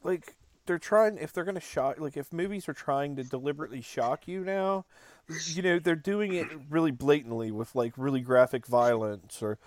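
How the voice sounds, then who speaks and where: A man co-hosting a podcast, chatting casually about a film, animated and acting out quotes with lots of "like". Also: fairly high pitch, moderate pace. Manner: animated, acts out quotes, frequent "like". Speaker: podcast co-host.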